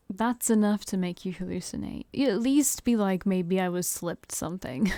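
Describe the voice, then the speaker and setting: A woman's voice: mid-range voice, warm tone, no echo, studio quality. A woman playing a visual novel on stream, reading its narration aloud and breaking off to joke and laugh at it. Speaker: game streamer.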